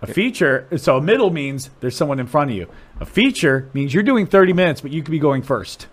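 A man from Ohio, a comedian, chatting casually on a podcast and telling stories with a lot of restarts and swearing. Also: fairly quick. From Dublin, Ohio, USA. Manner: animated storyteller, voice jumps high and loud when acting out people. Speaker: comedian guest.

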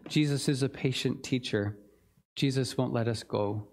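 A man's voice: mid-range voice, normal speed, darkish tone. Earnest male pastor preaching. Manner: earnest, reflective preaching with fillers. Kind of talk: sermon.

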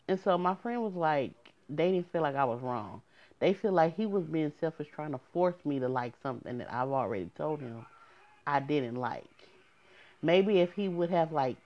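Young woman, frank and exasperated storyteller addressing viewers directly; low voice, dull recording. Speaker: storyteller vlogger. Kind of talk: casual storytime monologue.

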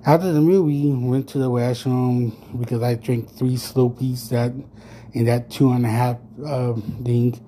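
A man in his thirties telling a story on his podcast in a casual rant. He swears constantly, rambles with lots of fillers and turns loud and heated when he gets worked up. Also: mid-range voice, steady tone, unhurried, a little hiss or hum. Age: 30s. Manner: profane, rambling, full of fillers. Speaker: podcast host.

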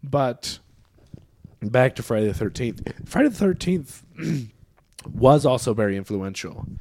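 A man co-hosting a podcast in casual chat, talking freely with fillers and getting animated when he makes a point. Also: medium pitch, a little slow. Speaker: podcast co-host.

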